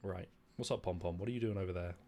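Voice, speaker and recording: A man's voice: low voice, fast, mellow, a little hiss or hum. A British man casually commentating a video game, wryly reading dialogue aloud with mock indignation. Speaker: gaming streamer.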